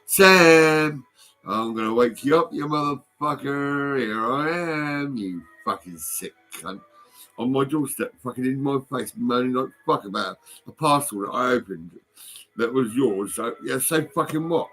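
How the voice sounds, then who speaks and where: A man's voice: mid-range voice, normal speed, a bit bright, soft background music. An older British man with a British accent in an angry, rambling vlog rant, swearing, threatening and mocking someone, recorded on a phone. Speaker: vlogger.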